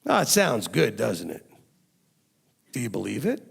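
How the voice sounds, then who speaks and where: A man's voice: medium pitch, huge pitch swings, unhurried, gravelly, husky. A man preaching a sermon as a rabbi, emphatic and firing rhetorical questions at his listeners. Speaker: rabbi teaching a congregation.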